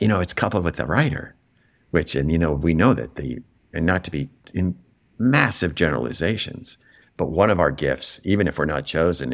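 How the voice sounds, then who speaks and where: A middle-aged man talking as an interview guest, telling a personal story in a reflective, animated way, his voice jumping up when he is moved. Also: very deep voice. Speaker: interview guest, television writer.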